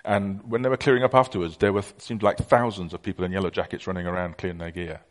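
A man's voice: deep voice, flat delivery, fast. A middle-aged man preaching a conversational sermon, telling stories with many fillers.

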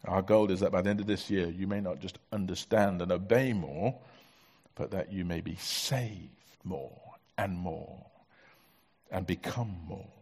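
A man preaching as a pastor, with measured, emphatic repetition. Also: low voice, a little mellow, slightly rough, long reverb tail. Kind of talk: sermon.

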